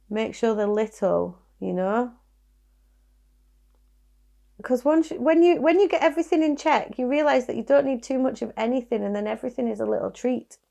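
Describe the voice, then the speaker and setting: A woman's voice: a little high, vocal fry, mellow. A woman with a Yorkshire accent giving a casual tarot reading, chatty and reassuring as she muses over the cards. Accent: Yorkshire English. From Yorkshire, England. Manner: chatty, musing, reassuring, with small laughs and restarts. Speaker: tarot reader.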